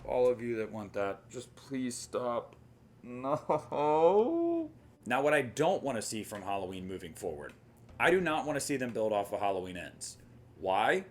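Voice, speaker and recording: A young man giving opinionated, emphatic commentary on a horror film franchise, with jokey asides. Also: medium pitch. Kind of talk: opinionated casual monologue.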